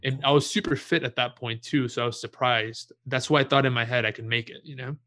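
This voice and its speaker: A young man casually telling a story in a relaxed way, swearing freely and laughing at himself. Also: mid-range voice, fairly quick.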